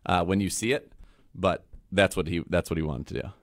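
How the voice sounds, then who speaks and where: A man's voice: low-pitched, a little fast, vocal fry, no room sound, studio quality. A man co-hosting a sports radio show, making blunt, emphatic points in casual chat. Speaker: co-host.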